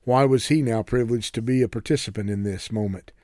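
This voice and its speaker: A man narrates a novel chapter in a steady, measured storyteller's voice. His tone is mellow and warm. The recording is dry and close. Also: medium pitch, no echo. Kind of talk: audiobook narration.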